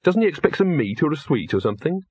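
Male reader as a jittery, earnest young man in a storybook, hesitant, faintly husky. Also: fairly high pitch, big pitch swings, fast, a little mellow, no room sound, dull audio, pitched above the performer's own voice. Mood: puzzled. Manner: hesitant, nervous. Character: anxious, earnest young man, easily flustered.

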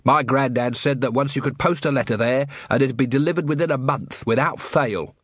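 A man's voice: mid-range voice, brisk, fairly bright tone, slightly rough, dry recording. A man voicing a weary, cynical middle-aged watch captain in an audiobook, with a dry, grumbling manner.

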